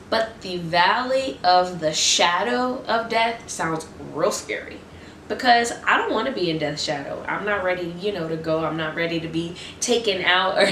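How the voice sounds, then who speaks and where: Woman, restless excited faith talk, repeated refrains, distant mic, faint background hum. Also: mid-range voice. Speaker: Christian vlogger. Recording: roomy echo, distant mic.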